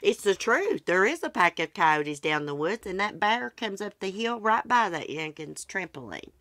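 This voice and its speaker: A woman's voice: mid-range voice, very animated, moderate pace, a bit bright, no room sound. A middle-aged woman, hosting her channel and telling folksy stories in casual chat. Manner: chatty, folksy storytelling. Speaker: channel host.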